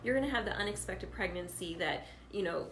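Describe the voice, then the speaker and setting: A woman's voice: medium pitch, expressive, brisk, fairly bright tone, reverberant, slight background noise, low-quality recording. A mother co-hosting a parenting talk, speaking personally while emotional and close to tears. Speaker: co-host, homeschooling mother.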